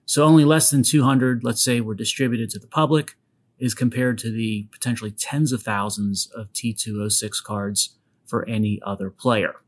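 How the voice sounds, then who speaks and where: A man's voice: on the low side, steady tone, moderate pace. A man from Western Pennsylvania hosting a solo podcast, talking casually with wry asides and a faint, mostly masked local accent. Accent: Western Pennsylvania, softened. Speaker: podcast host.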